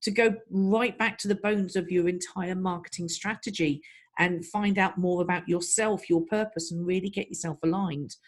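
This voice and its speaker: A middle-aged woman, a guest in an interview, giving practical marketing advice in an even, steady way. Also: lowish voice, normal speed. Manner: practical, advising, even-paced. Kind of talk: interview answers.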